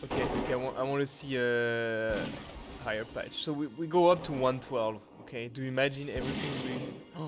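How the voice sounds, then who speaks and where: A man commenting on his gameplay, reading patch notes aloud in non-native English phrasing and breaking into excited exclamations. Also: mid-range voice, brisk. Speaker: channel host. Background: background music.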